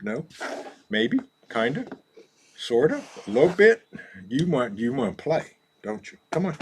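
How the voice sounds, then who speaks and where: A man's voice: medium pitch, sing-song, a little slow, slight background noise. A man hosts a casual live stream, reading out viewer comments, laughing easily and coaxing his dog. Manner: easygoing, laughs often, talks softly to his dog.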